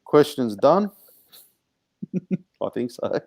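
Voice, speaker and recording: Male podcast host, mid-pitched, relaxed and loose, dry close sound. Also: slow, vocal fry, dry recording. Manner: laid-back, laughs easily, swears casually. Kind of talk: casual chat, signing off the show.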